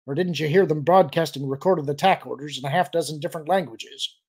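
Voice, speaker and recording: Man playing an insistent colonist, snapping retorts, husky, gravelly voice. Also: on the high side, a little fast. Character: insistent, disgusted male colonist.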